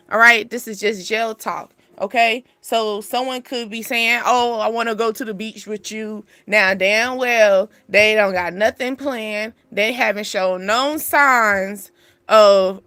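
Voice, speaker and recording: A young woman hosting a casual spiritual reading, chatty and animated, laughing often. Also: medium pitch, no echo. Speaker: spiritual channel host giving a reading.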